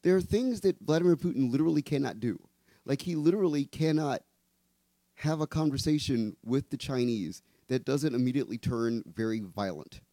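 A man hosting a political talk show makes long, emphatic points, often restarting his sentences. His voice is mellow and dark, and the sound is close and dry with no room around it. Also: medium pitch, expressive, normal speed, no echo. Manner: emphatic, explains at length with restarts. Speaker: host.

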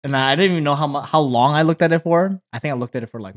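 Young man telling a lively story. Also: mid-range voice, very fast. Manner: animated storyteller, acts out his younger self. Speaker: podcast co-host. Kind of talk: casual chat, storytelling.

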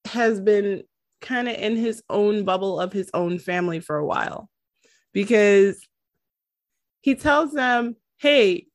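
A woman hosting a podcast in casual chat, animated, often laughing and making dramatic asides. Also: on the high side, dry recording, clean studio sound. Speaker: podcast host.

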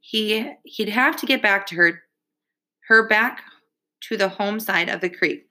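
A woman reading a children's novel aloud in a steady, measured storytelling manner. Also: medium pitch. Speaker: reader. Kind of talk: audiobook reading.

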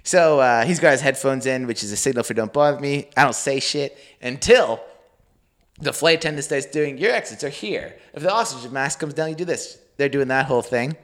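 A young man from Canada co-hosting a podcast, telling a story in a loose, swearing, animated way and acting out the voices of people he quotes. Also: medium pitch, brisk. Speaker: podcast co-host. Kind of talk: casual storytelling chat.

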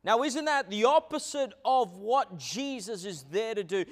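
A man preaching a sermon as pastor, with many fillers, swinging between hushed low lines and loud acted quotes. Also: lively intonation, measured pace, hardly any pauses.

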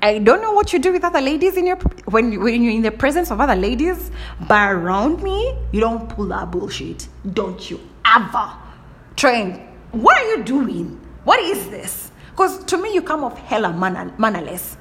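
A woman's voice: a little high, very animated, normal speed, a bit bright. A young woman hosting a casual monologue, talking bluntly and with lots of animation, often restarting her sentences and throwing in playful exclamations. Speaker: podcast host.

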